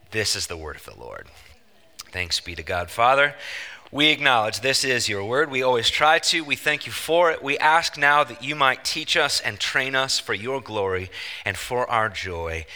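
A man preaching in a lively, swooping voice with a very bright, forceful edge. He drives his points home emphatically and slips in joking asides. His voice rings out with a long reverb through a church hall. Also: medium pitch. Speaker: pastor. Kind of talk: sermon. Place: church sanctuary.

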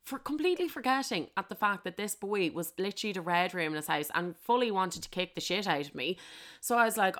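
A young woman, hosting and telling a frank, sweary, comic story about her own love life. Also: lowish voice. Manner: sweary, animated, laughs at herself.

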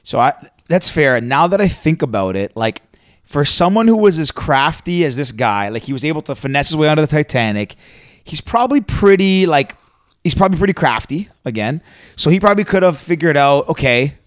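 Man, podcast co-host, quick speech, thinks aloud, dry close mic. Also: on the high side, sing-song, no room sound. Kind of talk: casual chat.

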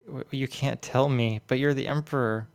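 A man's voice: medium pitch, steady tone, moderate pace, creaky, dry recording, studio quality, natural voice. A man voicing a naive, curious young boy in a tabletop role-play, asking wide-eyed questions.

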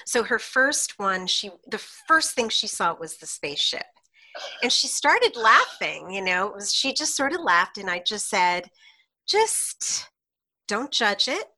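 A woman guest, a hypnotherapist, telling client stories in an animated way on a podcast and laughing often between lines. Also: mid-range voice. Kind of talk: podcast interview storytelling.

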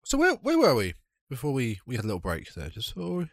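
A man co-hosting a horror podcast, chiming in with quick agreements and jokes. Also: medium pitch, wildly swooping pitch, no room sound. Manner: chimes in with short agreements and jokes. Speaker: podcast co-host. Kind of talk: casual film-review chat.

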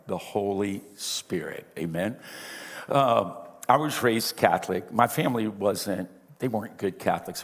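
Big-voiced pastor in a reverberant hall. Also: male voice, lowish voice. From Louisiana. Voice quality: big carrying voice, talks out of the side of his mouth. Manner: folksy, self-deprecating anecdotes with asides. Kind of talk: storytelling sermon.

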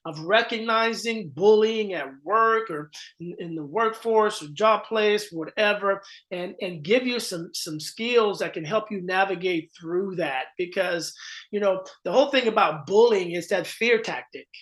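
A man's voice: high-pitched, unhurried, fairly bright tone. A middle-aged man hosting a podcast in a casual, earnest conversation, often repeating words as he starts sentences. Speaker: podcast host.

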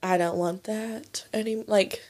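A woman's voice: medium pitch, fairly even intonation, a little slow, a little mellow. A young woman in her twenties co-hosting a casual chat, telling stories with lots of "like" and plenty of swearing. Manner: chatty storyteller, lots of "like", swears freely.

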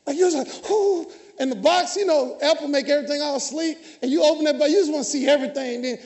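A man preaches in a strikingly high voice, calling out to his congregation. He jokes with the pews and often rises to a shout. Long reverb from the church hall trails each phrase. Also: fast. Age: 50s. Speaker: pastor. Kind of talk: lively sermon with jokes to the congregation.

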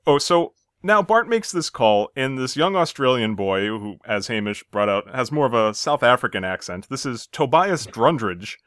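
A man telling a TV episode in casual podcast chat, clearly enthusiastic about it. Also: medium pitch, sing-song, normal speed, hardly any pauses, a bit bright, no room sound, clean studio sound.

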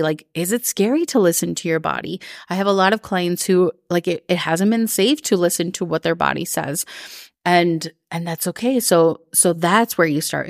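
A woman with a slightly low voice talks to her listeners in a loose, chatty way. She fills her sentences with "like" and coaches them toward what they want. The sound is dry and close, with no room around it. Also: dry recording. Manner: chatty, lots of "like", quick put-on voices for others. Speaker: coach and podcast host. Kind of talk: casual live-recorded talk.

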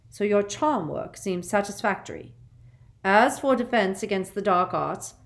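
McGonagall: a woman doing a crisp, stern old professor. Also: medium pitch, pitched above the performer's own voice. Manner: crisp, curt, haughty. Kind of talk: audiobook character voice.

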